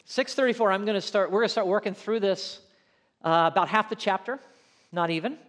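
A male pastor preaching an expository sermon, swinging between loud emphatic lines and soft asides. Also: high voice, brisk, big-room sound.

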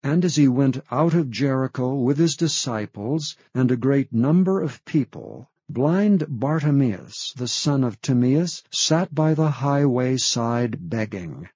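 A man reading a Bible passage aloud in a slow, measured way. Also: medium pitch, expressive, a little mellow, slightly rough, no echo. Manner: slow, measured reading of King James text. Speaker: scripture reader. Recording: dull, muffled, dry sound.

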